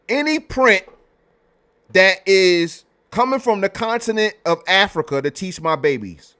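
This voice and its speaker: A man hosting a livestream, ranting in a heated, profane, animated way with loud bursts. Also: high voice, slow pace, long pauses, smooth. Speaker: livestream host.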